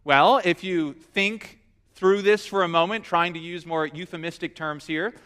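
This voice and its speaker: A man's voice: high-pitched, a little slow, smooth. A man preaching a sermon, telling the story with humor and acting out the quotes. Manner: animated storyteller, acts out quotes. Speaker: pastor.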